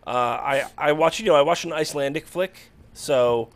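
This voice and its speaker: A man's voice: fairly high pitch, moderate pace. A man co-hosting a casual talk show, dry and blunt, cracking jokes. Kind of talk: casual chat.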